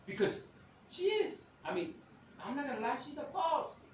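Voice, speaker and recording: A man with a high, lively voice spins a rambling personal story, loudly acting out each exchange and laughing as he goes. He sits well back from the mic in a very echoey space with faint room ambience. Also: moderate pace, recorded from a distance, a little hiss or hum. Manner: animated, loud, acts out quotes and laughs often. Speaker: self-described psychic medium telling a story.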